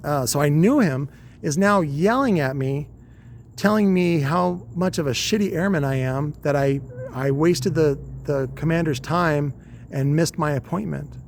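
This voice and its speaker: A man's voice: fairly high pitch, measured pace, creaky, slight background noise. A man in his forties casually telling a long, rambling, profane story with wry humor. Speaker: podcast host.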